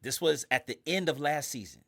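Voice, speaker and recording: A man's voice: fairly high pitch, animated, fairly quick, sharp tone, no echo, studio quality. A man, a pastor and writer, telling a story as a guest in a casual interview. He talks in loose slang and acts out the people in his story.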